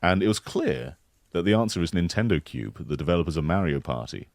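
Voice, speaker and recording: A man co-hosting a podcast, playfully improvising a mock game pitch in casual chat. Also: expressive, creaky, darkish tone, no echo. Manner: playful, joking improv pitch with quick voice switches.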